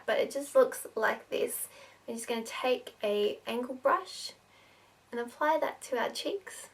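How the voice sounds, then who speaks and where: A woman's voice: a little high, a little slow, far from the mic. A woman giving a casual makeup tutorial, talking in a chatty way with lots of fillers.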